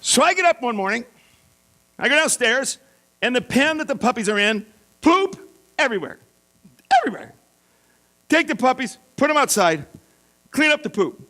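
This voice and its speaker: A middle-aged male pastor telling a self-mocking story in a sermon, animated and playful. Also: very high voice, normal speed, long pauses. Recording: mains hum.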